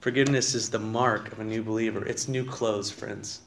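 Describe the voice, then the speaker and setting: In a church sanctuary, a pastor with a lowish voice and fairly even intonation preaches at normal speed. His sermon is conversational: he reads scripture aloud and puts questions to the congregation.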